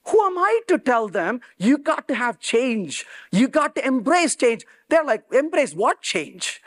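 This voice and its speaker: A man giving a technical conference talk in an emphatic way, acting out quoted dialogue. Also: very high voice. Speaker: conference speaker. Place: conference venue.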